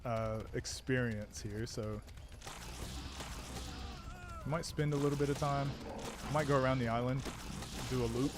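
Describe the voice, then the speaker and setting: A man's voice: mid-range voice, fairly even intonation, unhurried, pauses often, noisy background. A man chatting casually while streaming a video game, rambling and self-deprecating. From Australia. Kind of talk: casual gaming stream chat.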